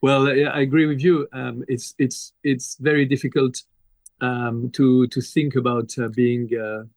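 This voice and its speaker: A man's voice: mid-range voice, level tone, unhurried, a little mellow, no room sound. Man, French accent, polite, hesitant, fillers, dry close sound. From France. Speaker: chef guest. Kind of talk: interview answers.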